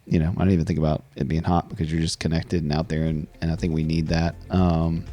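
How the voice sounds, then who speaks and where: A man's voice: very deep voice, little pitch movement, fast, dark tone, no room sound. A man hosting a conversational interview, reflective and often repeating words as he thinks. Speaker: podcast host.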